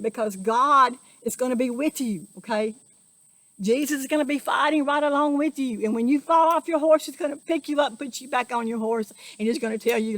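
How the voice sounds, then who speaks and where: A woman's voice: fairly high pitch, no echo. A woman giving an earnest, emotional spiritual monologue, preaching and repeating herself. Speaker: spiritual vlogger.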